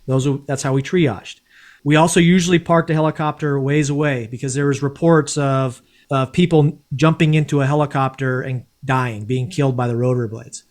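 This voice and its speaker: Man, casual podcast guest, blunt and salty, lively storytelling, a bit high-pitched. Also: moderate pace. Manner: blunt, profane, animated. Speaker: podcast guest, former Green Beret.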